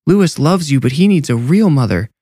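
A man's voice: a little high, animated, fairly quick, warm tone, husky, no echo, studio quality, pitched above the performer's own voice. A man voicing a middle-aged orphanage headmistress who pleads urgently and tenderly through a door. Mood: pleading.

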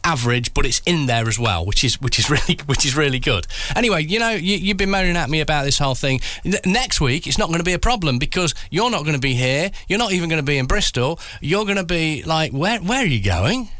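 A man's voice: on the high side, animated, fast talker, hardly any pauses, pushed and bright, dry recording. Playful producer guy on a podcast, dry close mic, bouncy voice. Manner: playful, geeky, giggly. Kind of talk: casual podcast banter.

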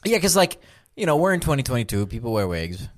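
A man's voice: mid-range voice, fast talker. A young man co-hosting a casual podcast, telling a story with lots of swearing and laughter. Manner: animated storyteller, swears often and laughs through his stories. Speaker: podcast co-host.

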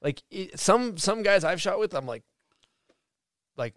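A man from Massachusetts hosts a casual podcast, his voice a touch high and smooth. He swears freely and tells stories with gusto. The sound is close and dry. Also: lively intonation, measured pace, fairly bright tone, dry recording. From Massachusetts, USA. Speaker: podcast host.

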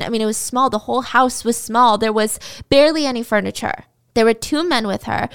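A young woman podcast host retelling a true-crime story in a casual, animated, chatty way. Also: a little high.

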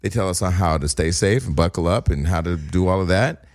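A man's voice: low voice, fairly quick, a little hiss or hum. A man, casually telling a long funny story on a podcast and acting out the voices of the people in it. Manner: animated, acts out quoted voices, laughs while telling.

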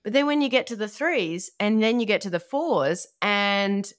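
A woman's voice: mid-range voice, expressive, normal speed. A woman with an Australian accent, a podcast guest talking in a chatty, easygoing way. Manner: chatty, laughs easily. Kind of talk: casual interview chat.

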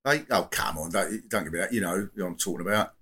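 A man's voice: low-pitched, fast talker, pushed and bright, husky, exaggerated voice. A man improvising a rambling, muddled, grumbling male phone-in caller with bigoted views. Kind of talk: improvised comic role-play.

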